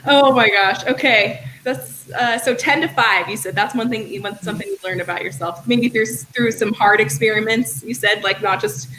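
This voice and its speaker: Thirties woman host, bubbly and giggly, slightly high voice, video call with faint hiss. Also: normal speed, hardly any pauses, sharp tone, poor audio. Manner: bubbly, laughs often. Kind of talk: casual video-call chat.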